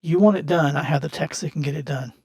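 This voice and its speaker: Man playing a shady salvage-yard boss: smooth, businesslike, persuasive, slow over key words, tabletop game NPC. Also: a little high, a little mellow. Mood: smooth pitch.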